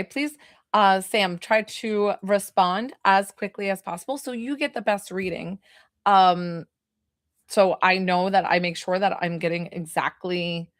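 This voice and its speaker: A woman's voice: mid-range voice, dry recording, studio quality. A woman working as a psychic medium, giving a live reading in a chatty way full of "like" fillers. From New York.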